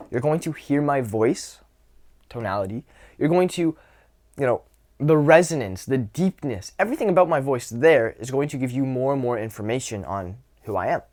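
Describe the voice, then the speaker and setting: A man explains social skills in a casual teaching talk, calm and grounded. He leans on slow, deliberate words for emphasis. His pitch sits in an ordinary middle range. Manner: demonstrative, swings from whisper to loud to show vocal dynamics; relaxed, grounded, drawn-out delivery with sighs.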